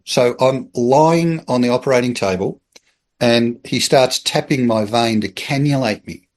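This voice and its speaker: A middle-aged man with an Australian accent, speaking at an ordinary mid pitch as he spins a yarn for a podcast. He tells it casually and with energy, slipping into the voices of the people in his story and chuckling along the way. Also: a little slow. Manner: animated storyteller, acts out quoted voices, chuckles. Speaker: podcast guest.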